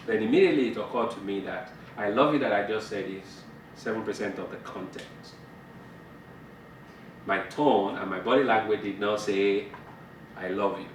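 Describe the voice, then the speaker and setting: A man's voice: on the low side, moderate pace, slight background noise. Roomy, distant man teaching couples. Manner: conversational, laughing, acts out dialogue. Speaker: marriage counselor. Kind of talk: teaching talk to a couples group. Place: fellowship meeting room.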